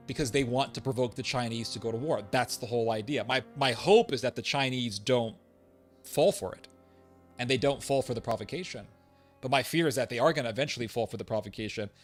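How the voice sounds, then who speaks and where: A man holds forth in a monologue, hammering his points through repetition and throwing in sarcastic asides. His voice sits in an ordinary middle pitch. Faint music plays under him. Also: a bit bright. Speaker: political commentator. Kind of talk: opinionated monologue.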